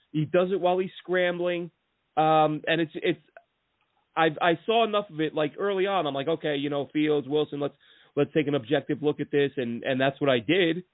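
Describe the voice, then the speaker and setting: A man chats on a sports podcast in an animated, rambling way, restarting his sentences as he goes. His voice sits fairly high. The sound is thin and phone-like, with no room echo at all. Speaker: podcast host. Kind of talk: casual sports podcast chat. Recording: tinny phone-line sound, dry.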